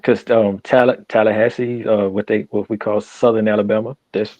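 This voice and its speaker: A husky-voiced man from New Orleans chats loosely on a relationship podcast, circling back and restarting his thoughts. The sound is dry and close, a little dull and lo-fi. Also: fairly low pitch, level tone, normal speed, darkish tone, dry recording. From New Orleans, USA. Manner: rambling, restarts often. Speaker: podcast co-host. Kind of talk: casual chat.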